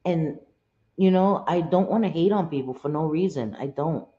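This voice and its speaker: A woman hosts a live stream in a low, mellow voice, chatting casually and bluntly with her viewers. She swears freely and repeats herself to drive points home. The sound is roomy and a little dull. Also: moderate pace. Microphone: home streaming setup.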